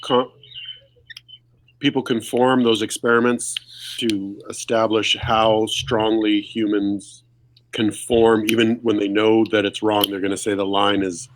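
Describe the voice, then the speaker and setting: A man's voice: fairly low pitch, little pitch movement, a little slow, a little hiss or hum, poor audio. A man hosting a casual podcast discussion, talkative and explaining things for listeners. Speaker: podcast host.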